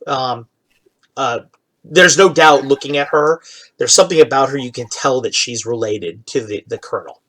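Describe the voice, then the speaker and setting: A man narrating a tabletop game in easy, casual speech. He keeps pausing on "uh" and "um" as he sets the scene for the players. His voice sits at an ordinary middle pitch. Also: poor audio. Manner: relaxed, with many fillers. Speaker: dungeon master.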